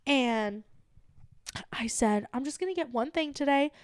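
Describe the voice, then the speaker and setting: A young adult woman co-hosting a podcast, telling an animated story in casual chat and acting out the quoted lines. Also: high-pitched, unhurried, clean tone, no room sound, studio quality. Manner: animated, acts out quoted dialogue. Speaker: podcast co-host.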